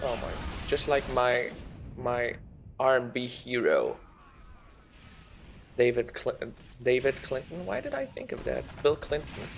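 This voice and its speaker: A slow, gravelly man meanders through game commentary while doing a celebrity impression, mocking himself and getting sidetracked in a rambling mood. His creaky, medium-pitched voice has a sing-song quality, and there's a little hiss or hum.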